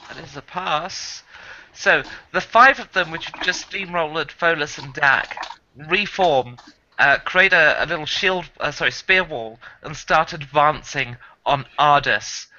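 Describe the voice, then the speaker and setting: Man, game master, very bright voice, slightly high, self-mocking, laughs a lot, dull lo-fi recording. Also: measured pace, slight background noise. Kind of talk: running a tabletop game.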